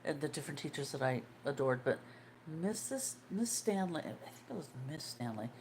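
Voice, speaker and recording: Older woman in her sixties, low voice, casual livestream host who chats with viewers as she goes; faint room hum behind. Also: lively intonation, moderate pace, darkish tone. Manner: chatty, greets and answers viewers' comments as she goes.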